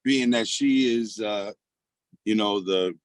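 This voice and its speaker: A man with a fairly low voice recorded dry and close. He halts often and fills the gaps as he searches for words. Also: dry recording. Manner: hesitant, halting with many fillers. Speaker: co-host.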